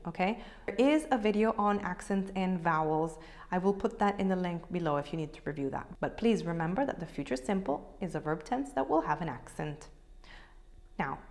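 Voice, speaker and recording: A woman teaching an Italian grammar lesson to camera, explaining clearly and patiently, slowing down to model each conjugation and spelling out endings letter by letter. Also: medium pitch.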